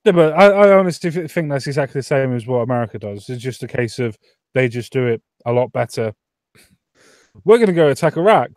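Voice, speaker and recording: A man's voice: mid-range voice, fast, a little mellow, no echo, studio quality. A man joking around in a casual podcast chat, swearing freely.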